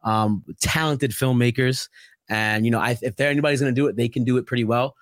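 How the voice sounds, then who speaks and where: Fast-talking young New man. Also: medium pitch, no echo, clean studio sound. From Brooklyn, New York. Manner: rambling, animated, heavy on filler "like". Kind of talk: casual podcast chat.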